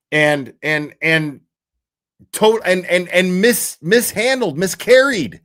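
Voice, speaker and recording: A man's voice: high voice, expressive, takes it slowly, pauses often, fairly bright tone. A man hosting a livestream, talking through legal documents in a rambling, profane, emotional way, often restarting his sentences. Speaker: livestream host reading case documents. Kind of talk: casual livestream commentary.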